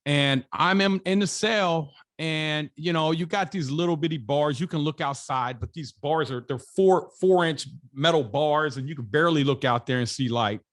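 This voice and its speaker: High-voiced emphatic man telling stories. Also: moderate pace, few pauses, a bit bright. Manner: emphatic, colloquial, repeats for emphasis. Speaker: podcast guest, real estate investor. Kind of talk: storytelling in an interview.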